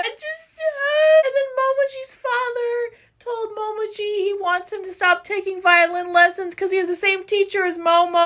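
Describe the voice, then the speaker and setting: Young woman fangirling over a show, really high bright voice, swears and gets teary. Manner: gushing, swings between outrage and tearful excitement, swears. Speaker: anime fan reacting. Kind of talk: emotional reaction vlog.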